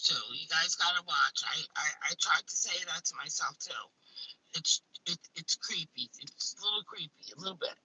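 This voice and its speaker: A woman's voice: mid-range voice, sharp tone, slightly rough, rough recording. A woman chatting casually as a host, blunt and emphatic, swearing freely as she talks. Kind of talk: casual chat.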